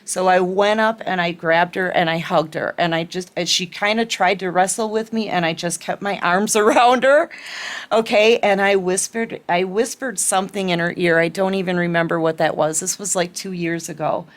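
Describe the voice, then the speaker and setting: A woman's voice: lowish voice, steady tone, moderate pace. A woman tarot reader giving an earnest spiritual pep talk to her viewers, repeating herself and checking in with "okay?".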